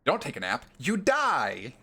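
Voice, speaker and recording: A man's voice: mid-range voice, wildly swooping pitch, moderate pace, pushed and bright, breathy edge. A man streaming a video game live, making chatty, wry asides between reading game dialogue aloud. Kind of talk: live gameplay commentary.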